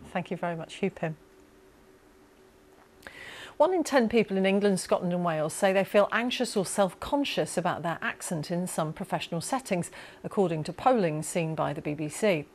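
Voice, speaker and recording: A woman news presenter with a slightly low voice, reading the bulletin in a formal, crisp tone. Her delivery is steady and clear.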